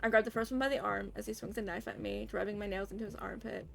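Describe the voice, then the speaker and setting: A woman's voice: medium pitch, fairly even intonation, quick pace, creaky, slight background noise. A young woman streaming a game, reading the story aloud in first person and dropping casual asides.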